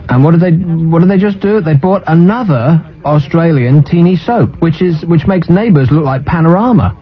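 A man's voice: a little high, lively intonation, normal speed. A man hosting a talk radio show, ranting sardonically and mocking what he's seen on TV. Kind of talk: casual on-air banter. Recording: muffled radio broadcast.

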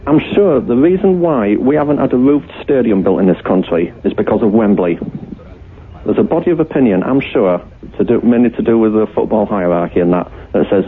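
A man's voice: on the low side, expressive, a little fast, a little hiss or hum. A man from Hull with a Yorkshire accent, calling a radio show to rant bluntly about his opinions. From Hull, England. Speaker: caller. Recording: tinny phone line.

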